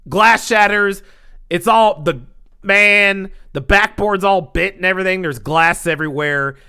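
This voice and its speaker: On his vlog, a man tells a casual story with lots of drama, acting out scenes and sound effects. His speech is slangy and packed with fillers, delivered in a high, smooth voice at an unhurried pace.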